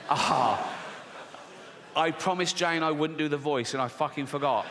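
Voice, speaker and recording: A man's voice: a little high, measured pace, fairly bright tone, slight background noise. A man performing a profane, mocking stand-up comedy routine on a live stage. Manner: profane, mocking, acts out characters' voices. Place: live theatre stage with audience. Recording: reverberant venue with faint ambience.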